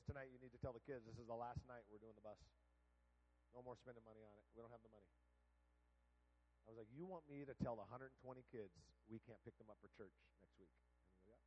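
A man preaching a sermon, telling a story with acted-out quotes and then leading a quiet prayer. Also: mid-range voice, poor audio. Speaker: guest preacher.

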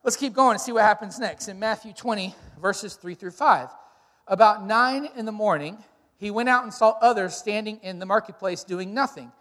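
A man's voice: high voice, moderate pace. Man preaching in a reverberant hall. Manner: storytelling, animated retellings with shouted quotes. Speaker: pastor. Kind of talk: sermon.

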